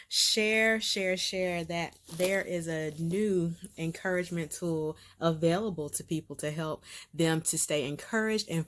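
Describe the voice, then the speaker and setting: Bubbly woman with a lowish voice. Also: fairly bright tone, a little hiss or hum. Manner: bubbly and emphatic, with frequent laughs and repeated phrases; emotional, close to tears. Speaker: host of a faith-based video series. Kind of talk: casual direct-to-camera update.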